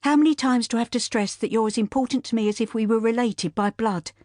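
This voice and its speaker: A woman voicing a grieving middle-aged widow, weary and tearful, speaking with sharp bitterness. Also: a little high, quick pace, dry recording, clean studio sound, pitched above the performer's own voice, natural voice. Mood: sorrowful.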